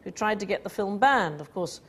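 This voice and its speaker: A woman hosts a TV quiz show in a studio with an audience, reading out clues and slipping in dry, wry jokes. Her voice is medium in pitch, expressive and fairly bright, and she talks fairly quickly. The studio is noisy, with audience laughter audible.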